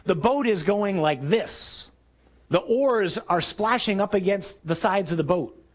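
A man preaching a sermon, telling stories vividly and acting out shouted lines. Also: high-pitched, unhurried. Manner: animated storytelling, acting out shouts.

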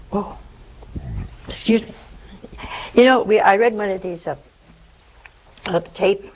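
An older religious sister giving a sermon, telling a story with animated voices and sudden drops to a whisper. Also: female voice, medium pitch, takes it slowly, long pauses, poor audio. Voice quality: gravelly, husky.

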